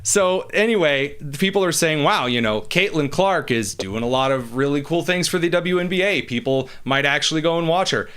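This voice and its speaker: A man's voice: fairly high pitch, lively intonation, moderate pace, few pauses, fairly bright tone, smooth. Wry man hosting talk radio. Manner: wry and sarcastic, reads listener tweets aloud. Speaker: radio talk show host. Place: radio studio.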